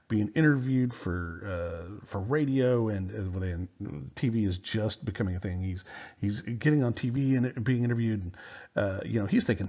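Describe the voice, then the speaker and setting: A man's voice: on the low side, lively intonation, normal speed, dark tone, lo-fi sound. A man giving a casual history lecture in a loose, conversational way, with many fillers and restarts. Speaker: history teacher.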